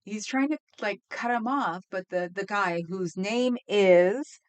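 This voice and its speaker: A woman live-streaming in a loose, rambling way, with a voice of ordinary middle pitch. She chats straight to her viewers and laughs easily as she wanders from one thought to the next. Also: clear, resonant tone. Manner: rambling, chatty, quick to laugh; talks to viewers in chat. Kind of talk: casual live-stream chat.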